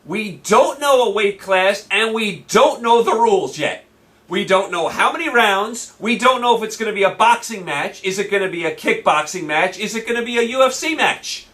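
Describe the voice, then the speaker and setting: A man's voice: high-pitched, lively intonation, normal speed, sharp tone, recorded from a distance. A man hosting his own sports show, ranting brashly in a monologue, with a combative manner and lines repeated for emphasis.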